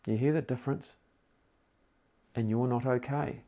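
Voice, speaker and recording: A middle-aged man speaking calmly and reassuringly straight to the listener in a mental health support talk. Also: mid-range voice, normal speed. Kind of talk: gentle direct-to-camera support talk.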